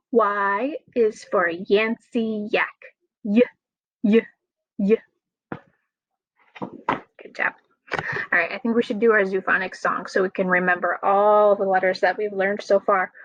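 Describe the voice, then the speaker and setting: A woman teaching an online phonics lesson to young children, gentle and encouraging. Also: medium pitch, fairly even intonation, moderate pace, dry recording, lo-fi sound.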